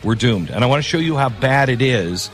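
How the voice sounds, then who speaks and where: A male talk radio host holds forth in a rambling monologue at an everyday pitch. He is opinionated and blunt, but breaks off into self-deprecating asides, with faint music in the background. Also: animated, brisk.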